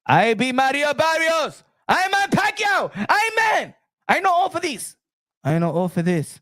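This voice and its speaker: A man's voice: extremely high pitch, big pitch swings, moderate pace, bright, forceful tone, no room sound, studio quality, voice pushed up, heavily acted. A man doing an impression of a swaggering champion boxer who boasts in broken English. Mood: shouty boasting.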